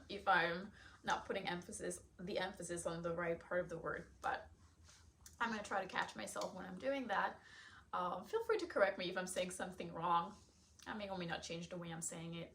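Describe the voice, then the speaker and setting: Chatty young woman with a gravelly edge. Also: mid-range voice, fairly bright tone, slight background noise. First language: not English. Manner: chatty, encouraging, laughs often. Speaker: podcast host and nutrition coach. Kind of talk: casual solo podcast.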